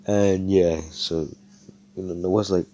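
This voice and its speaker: Casting: young man, deep voice, loose and slangy, making up a fan story on the spot. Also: fairly even intonation, slow, warm tone. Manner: rambling, slangy, swearing, many fillers. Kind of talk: improvised fan fiction storytelling.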